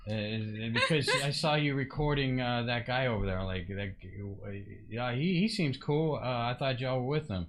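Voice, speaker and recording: A young man hosting a casual talk stream, telling rambling anecdotes with halting restarts. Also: mid-range voice, highs cut off. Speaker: host. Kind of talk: casual chat.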